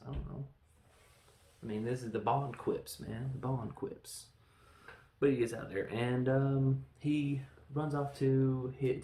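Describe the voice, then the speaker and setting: Gravelly guy rambling thru a movie recap, doing the lines and sound effects, echoey room. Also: mid-range voice, dark tone. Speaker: podcast host reviewing films. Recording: roomy echo, faint background noise.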